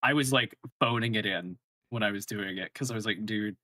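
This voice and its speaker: A man's voice: lowish voice, brisk, pushed and bright, no echo. A man streamer co-hosting a podcast in casual chat, wry, laid-back and self-deprecating.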